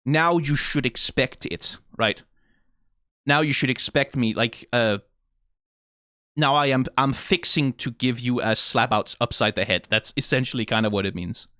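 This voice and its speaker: A man from Denmark hosting a casual reaction video, animated and exclaiming, swearing now and then and laughing. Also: medium pitch, clear, resonant tone, no echo, studio quality.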